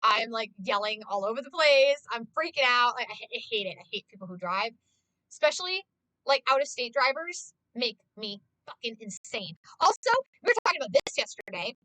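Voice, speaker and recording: A woman with a high, bright voice rants to her stream in casual chat. She swears freely and sounds exasperated. The recording is close and dry, with no room sound. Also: lively intonation, fairly quick, no room sound, rough recording. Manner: swears constantly, ranting and exasperated.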